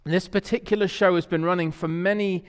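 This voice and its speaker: A man's voice: high-pitched, fairly even intonation, a little fast, smooth. A man with an English accent preaching a sermon in a church, telling stories in a conversational way and asking the congregation questions. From England. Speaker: pastor. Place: church sanctuary. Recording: long church reverb.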